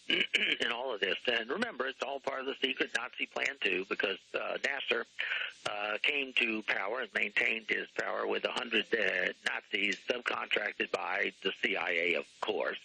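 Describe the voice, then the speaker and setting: A man with a sharp, tense and husky voice, talking as a guest author on a radio talk show. He rambles, clears his throat often and spells out names letter by letter. The sound is dry and close. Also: lowish voice, moderate pace, no echo, rough recording.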